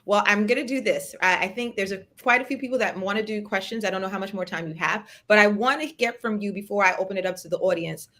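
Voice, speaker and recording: A woman's voice: mid-range voice, fast, few pauses. A woman hosting a live interview, casual and affirming, fond of playful wordplay. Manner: affirming, steady 'mm-hmm's and wordplay. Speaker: host.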